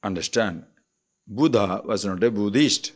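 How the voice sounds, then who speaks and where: A swami speaking with an Indian accent and a voice on the low side delivers a spiritual discourse on scripture. He explains deliberately and checks in with listeners via rhetorical questions.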